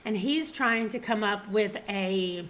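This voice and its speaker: A woman's voice: mid-range voice, slow pace, a bit bright. A woman in her forties with a Southern American accent, chatting casually about books she has read and laughing often. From Southern United States. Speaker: book vlogger. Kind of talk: casual book review chat.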